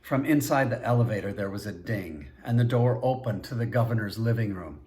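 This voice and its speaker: A man reading a novel aloud in first-person audiobook narration, in a plain, steady storytelling manner. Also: on the low side, fairly quick.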